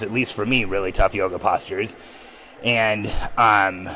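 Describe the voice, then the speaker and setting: A man hosting a podcast, telling a story in an animated, excitable way with frequent ums. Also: on the low side, a little hiss or hum, rough recording. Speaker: podcast host. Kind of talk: storytelling monologue.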